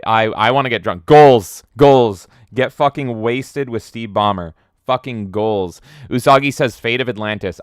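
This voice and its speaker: A man streaming from home, chatting casually as he reads out viewer comments, excitable and swearing, often jumping into loud silly voices. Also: fairly low pitch, smooth, no room sound, studio quality.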